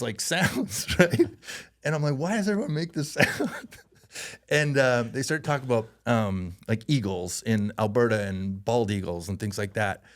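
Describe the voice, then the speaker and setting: Fairly low-pitched and gravelly, a former hockey player from Canada shares anecdotes in a laid-back interview. He stays animated, laughing regularly as he performs the voices of the people in his stories.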